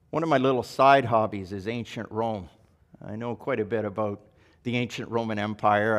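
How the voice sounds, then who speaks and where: A male pastor giving a sermon in a relaxed, conversational way, now and then correcting himself. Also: mid-range voice. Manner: conversational, self-correcting, occasional chuckle.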